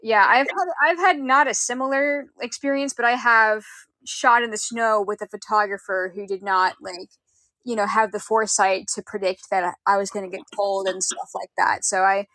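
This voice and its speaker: A woman's voice: mid-range voice, steady tone, moderate pace, pushed and bright, no echo. A young woman hosting a casual interview, sympathetic and frank, swearing casually as she reacts. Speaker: podcast host.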